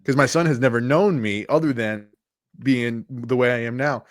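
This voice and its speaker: A man's voice: mid-range voice, normal speed, dry recording, clean studio sound. A man co-hosting a live podcast as a coach, telling stories in a chatty way and laughing at himself. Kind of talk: casual live podcast chat.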